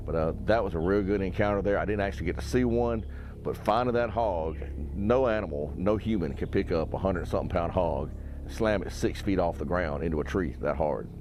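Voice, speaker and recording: Deep-voiced man telling a story. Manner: plain-spoken, folksy. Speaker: eyewitness interviewee. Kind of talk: storytelling testimony.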